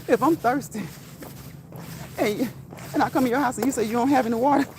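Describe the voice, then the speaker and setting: A woman's voice: fairly high pitch, normal speed, darkish tone, a little hiss or hum, low-quality recording. Chatty woman vlogging on a walk. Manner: chatty, laughs often, repeats phrases for emphasis. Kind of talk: casual walk-and-talk vlog. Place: outdoors on a walk.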